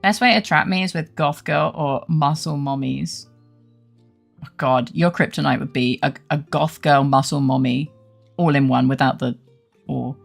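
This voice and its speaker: A woman's voice: deep voice, normal speed, vocal fry, faint music behind. A young adult woman streaming a game, chatting casually with her live chat; playful and giggly, and she swears freely.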